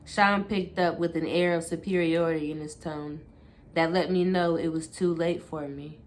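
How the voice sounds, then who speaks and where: A woman reading a first-person memoir aloud for her book channel, steady and unhurried. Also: sits low, slight background noise. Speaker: booktuber.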